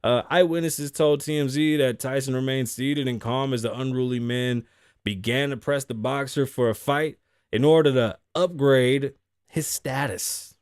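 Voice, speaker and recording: A man's voice: medium pitch, fairly even intonation, moderate pace, clean tone, dry recording, studio quality. Blunt, profane young man host. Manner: blunt, profane, riffs on stories with acted quotes. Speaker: podcast host. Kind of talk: casual commentary, reading news stories aloud.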